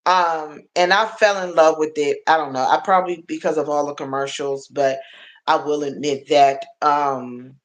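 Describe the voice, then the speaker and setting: A woman's voice: sits low, steady tone, moderate pace. Chatty motherly woman streaming live. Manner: chatty, laughs often, talks to chat viewers by name; motherly and affectionate, like an auntie. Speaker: livestream host. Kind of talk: casual livestream chat with viewers.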